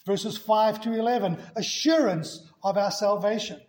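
A man preaching a sermon, laying out a passage verse by verse in an earnest, measured way. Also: high-pitched, a little mellow. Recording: echoey room.

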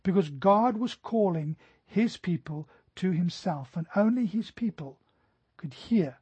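A middle-aged man preaching a sermon earnestly, slowing down to stress scripture. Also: fairly high pitch, a little mellow, husky, no room sound. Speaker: pastor. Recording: dry, dull lo-fi recording.

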